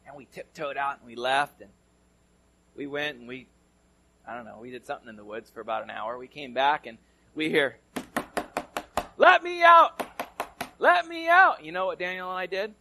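A male pastor from California preaching a sermon, telling a story conversationally and swinging between loud and hushed delivery. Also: medium pitch, brisk, creaky.

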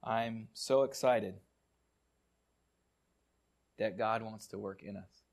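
A male pastor preaching a sermon and telling stories, often repeating words and dropping to quiet, soft tones. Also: lowish voice, slow.

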